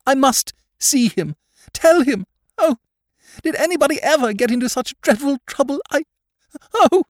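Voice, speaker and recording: A man voicing a distraught young aristocratic woman in an audiobook, pleading in high, near-hysterical cries. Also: lively intonation, normal speed, a little mellow, dry recording, clean studio sound, close to an everyday voice. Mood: frantic. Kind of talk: audiobook character voice.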